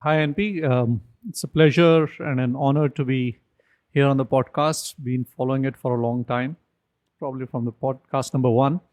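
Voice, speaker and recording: A man's voice: medium pitch, steady tone, normal speed, darkish tone. A man, a podcast guest telling long, rambling stories with many "um"s, "I mean"s and "you know"s. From India. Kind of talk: casual storytelling interview.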